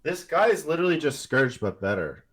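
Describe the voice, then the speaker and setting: A man's voice: a little high, big pitch swings, a little fast, a bit bright, husky. A man co-hosting a casual tabletop gaming podcast, rambling with lots of fillers and restarts. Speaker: podcast co-host.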